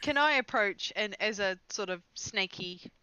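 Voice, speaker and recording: Woman player, bright smooth voice, halting casual banter, dry lo-fi mic. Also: mid-range voice, animated, slight background noise. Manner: hesitant restarts, swears freely. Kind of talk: casual tabletop game banter.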